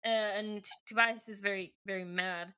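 A woman's voice: medium pitch, fairly even intonation, normal speed, pushed and bright, smooth. A woman co-hosting a podcast, recapping a book in casual chat, giggly and swearing casually. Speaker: podcast co-host.

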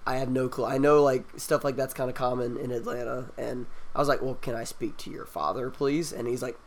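Young man telling a story, animated. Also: medium pitch, a little fast, slight background noise. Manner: animated, acts out quoted lines. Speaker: storyteller in a group chat. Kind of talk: casual storytelling.

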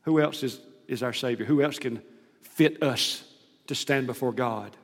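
A man's voice: medium pitch, a little slow, creaky. A man preaching a sermon, retelling scripture with dramatic, rising emphasis. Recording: long hall reverb.

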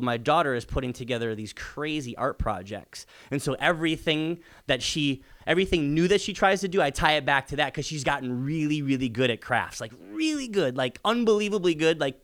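A man who is a father and hosts a podcast, talking alone with emphatic repetition and stretches of rising, excited urging. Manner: earnest, emphatic, repeats key phrases; builds to excited high-pitched urging. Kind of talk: motivational solo podcast talk.

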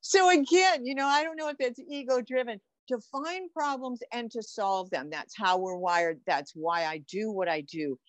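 A woman's voice: fairly high pitch, lively intonation, moderate pace, few pauses, no echo. An enthusiastic woman talking casually about flower essences for animals, often trailing off and restarting her thoughts. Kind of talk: casual explanatory talk.

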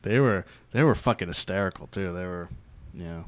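A man co-hosting a podcast in casual chat, excitable, laughing often and swearing freely. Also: sits low, fairly quick, no room sound. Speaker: podcast co-host.

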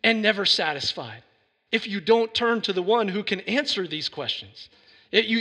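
A man's voice: sits high, bright, forceful tone, slightly rough. A man giving an earnest sermon as a pastor, building to emphatic preaching. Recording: reverberant hall sound.

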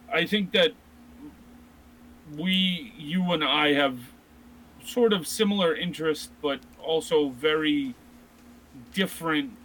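A man's voice: fairly high pitch, fairly bright tone, slight background noise, low-quality recording. A man in his thirties co-hosting a casual chat about video games, rambling with many restarts. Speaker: podcast co-host.

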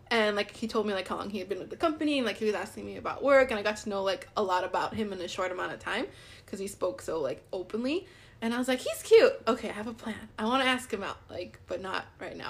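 This young woman co-hosts a podcast and recounts a dating story in a loose, chatty way. Her mid-range voice is a bit bright, her speech is packed with "like," and she acts out the quoted dialogue.

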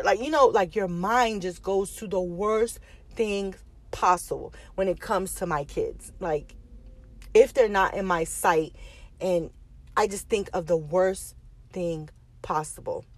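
A woman's voice: fairly low pitch, no echo. A woman in her thirties from the United States, telling a personal story in a chatty vlog style with lots of fillers and restarts. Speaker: vlogger.

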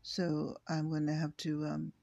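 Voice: mid-range voice, completely flat delivery, a little slow, creaky, warm tone, highs cut off. An author reading their own book aloud, who makes hesitant asides with fillers. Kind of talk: audiobook reading.

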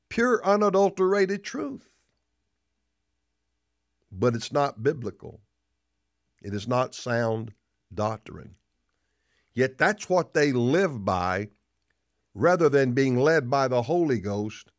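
Male pastor, sermon delivery, emphatic and repetitive, somewhat high voice, dry close sound. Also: no echo. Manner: emphatic, repetitive preaching with dramatic pauses.

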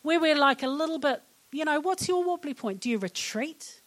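A middle-aged woman with a New Zealand accent speaks to an audience about mental wellness. Her voice sits a little high. She is chatty and humorous, and she often laughs at her own jokes. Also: animated, moderate pace. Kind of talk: public talk to an audience.

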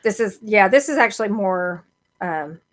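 Lively Southern woman co-hosting. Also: mid-range voice, normal speed. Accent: American Southern. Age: middle-aged. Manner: rambling, self-correcting, animated. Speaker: podcast co-host. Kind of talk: casual chat.

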